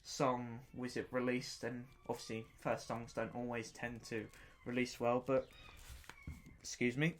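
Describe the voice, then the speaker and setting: A man's voice: mid-range voice, level tone, unhurried, slight background noise. A man hosting his own podcast and reviewing an album in casual unscripted talk. He rambles enthusiastically, often repeating himself and stopping to search for words.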